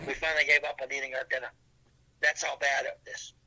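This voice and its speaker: A man's voice: medium pitch, little pitch movement, fast, sharp tone, rough recording. An older man, a podcast guest, telling long rambling stories in casual chat, with restarts and fillers.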